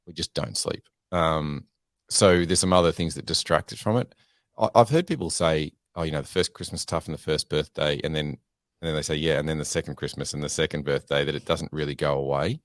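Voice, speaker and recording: A man speaks with an extremely deep, tired voice that sounds worn from lack of sleep. He talks quietly and candidly in a measured way, and the recording is very dry and close. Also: fairly even intonation, dry recording. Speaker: podcast guest. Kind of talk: casual conversation.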